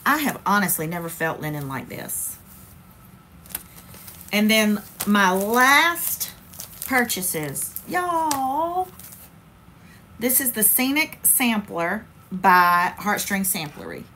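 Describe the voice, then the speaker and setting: A woman hosts a relaxed crafting livestream in a chatty, playful way. She speaks at a mid pitch and talks straight to her viewers. Faint background noise sits under her voice. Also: slow. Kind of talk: casual livestream chat.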